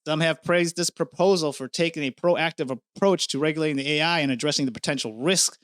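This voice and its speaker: A middle-aged man from the United States hosting a casual news commentary vlog, chatty and animated, talking straight to his viewers. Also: on the high side, a little fast, dry recording, studio quality. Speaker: news channel host.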